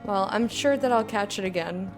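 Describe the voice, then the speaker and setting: Gamer girl talking thru her playthrough, chatty, laughs a lot, mid pitch. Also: normal speed, over music. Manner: chatty, giggly, talking to herself. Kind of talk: casual gameplay commentary.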